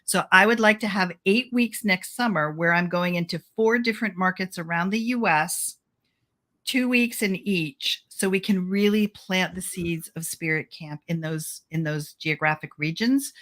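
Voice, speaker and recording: A woman guest speaks eagerly in a casual interview, upbeat and quick to laugh. Her voice sits slightly low for a woman. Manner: enthusiastic, warm, laughs easily. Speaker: guest, author and children's camp founder.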